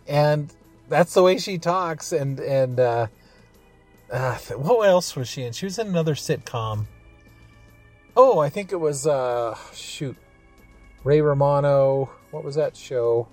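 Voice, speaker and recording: A man's voice: medium pitch, animated, slow pace, darkish tone, faint music behind. A man hosting a podcast, reviewing a show in a rambling, chuckling way with many fillers. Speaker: podcast host reviewing a radio adaptation. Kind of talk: casual review chat.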